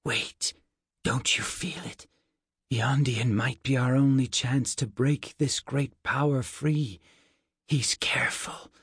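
A man voicing a calm, wise female prime dragon in an audiobook, speaking in a hushed, hissing whisper. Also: mid-range voice, slow pace, breathy edge, dry recording, clean studio sound, full character voice. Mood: urgent hush. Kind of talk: audiobook narration.

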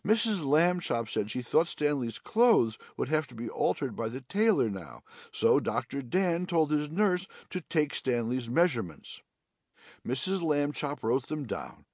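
Male audiobook narrator, expressive children's reading, dry booth sound. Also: medium pitch, unhurried, dry recording.

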